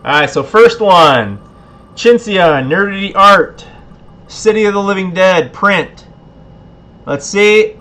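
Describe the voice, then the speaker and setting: A man's voice: sits high, lively intonation, slow, long pauses, pushed and bright. A man hosting a casual livestream giveaway, laid-back, a bit tipsy and laughing often. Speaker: livestream host.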